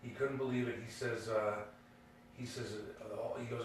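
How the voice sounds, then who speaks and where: A man's voice: mid-range voice, steady tone, moderate pace. A man tells a story in a loose, rambling way, with many fillers and restarts. His voice sits in the middle of the male range. It is picked up from a distance in a room with strong echo and a faint hum. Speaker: podcast co-host. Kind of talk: casual storytelling. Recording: echoey room, distant mic.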